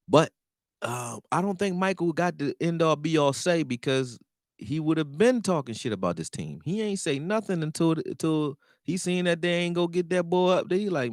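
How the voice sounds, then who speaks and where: A man talking casually on a sports live stream, profane and animated, answering his chat. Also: on the high side, normal speed, no room sound, clean studio sound.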